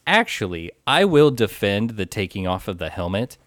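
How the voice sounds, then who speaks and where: Deep-voiced man, dry close sound. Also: big pitch swings, fairly bright tone, dry recording. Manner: measured, hesitant with "uh" and "um" fillers. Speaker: podcast co-host. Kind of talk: casual movie discussion.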